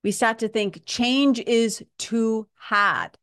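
A woman's voice: fairly high pitch, takes it slowly, a bit bright, clear, resonant tone. A woman hosting a self-help show, talking animatedly, laughing often and restarting her sentences. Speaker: podcast host. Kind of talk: self-help talk monologue.

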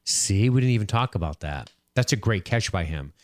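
A young man with a low voice that swings up and down as he chats on a podcast and reads listener comments. He laughs easily and swears casually. The sound is dry and close. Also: fairly quick, no echo. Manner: laughs often, swears casually, lively delivery. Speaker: podcast co-host.

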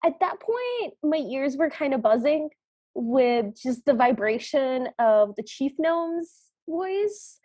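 A woman co-hosting a podcast, retelling a cartoon in vivid, deadpan detail. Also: high voice, slow, no room sound. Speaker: podcast co-host. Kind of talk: casual recap chat.

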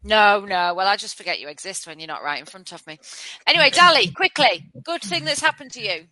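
A woman co-hosting a podcast in a chatty, teasing way, quick to laugh. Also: medium pitch, lively intonation, sharp tone, dry recording, rough recording. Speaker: podcast co-host. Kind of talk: casual chat.

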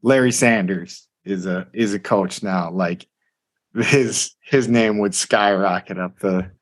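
Rambling man with a lowish voice. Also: slow. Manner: rambling, full of "like" and restarts. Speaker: podcast co-host. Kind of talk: casual sports chat.

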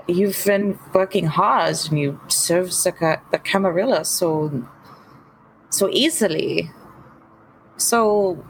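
A woman's voice: on the low side, slight background noise, low-quality recording. A woman voicing a frank, caring female vampire who speaks bluntly and stammers when upset.

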